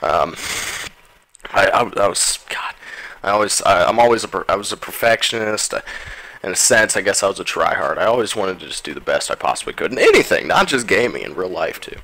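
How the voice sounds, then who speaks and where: A man's voice: low-pitched, very animated, a little fast, gravelly, pushed and bright, low-quality recording. A young man telling rambling, profane stories about his gaming past in a casual monologue, often stopping to search for names. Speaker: gaming vlogger.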